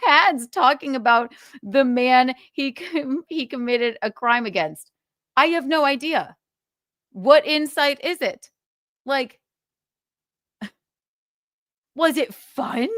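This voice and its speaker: A woman's voice: fairly high pitch, fairly bright tone, no room sound, clean studio sound. A woman hosting a livestream, ranting in a sarcastic, profane way and laughing between jabs. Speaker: livestream host.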